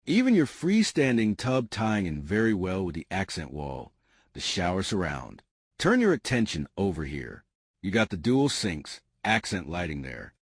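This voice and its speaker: Animated low-voiced man touring a house. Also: moderate pace, husky, no room sound, clean studio sound. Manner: enthusiastic, addresses viewers as family. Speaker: home tour host. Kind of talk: enthusiastic real estate walkthrough. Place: inside a large house.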